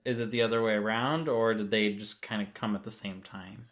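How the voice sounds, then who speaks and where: A woman's voice: very deep voice, fairly even intonation, fairly quick. A woman co-hosting a casual chat, making dry, wry remarks and often giving short agreements.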